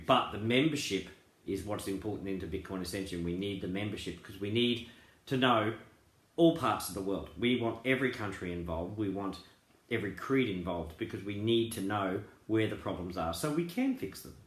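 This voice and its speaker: A man's voice: lowish voice, fairly bright tone. A man talking casually and earnestly to his group's members, rambling with many fillers and restarts. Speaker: crypto group founder. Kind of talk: casual promotional talk. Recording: roomy echo.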